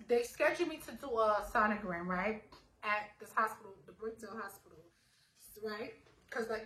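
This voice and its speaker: A young adult woman telling her own story in a casual, animated way, full of fillers and acted-out dialogue. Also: a little high. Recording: roomy echo, faint ambience.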